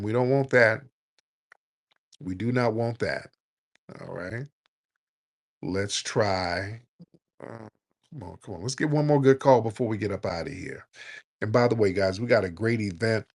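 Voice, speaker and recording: A man's voice: fairly low pitch, gravelly. A man hosting a late-night call-in audio chat, talking in a loose, joking, blunt and slangy way. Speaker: host of a live audio chat room.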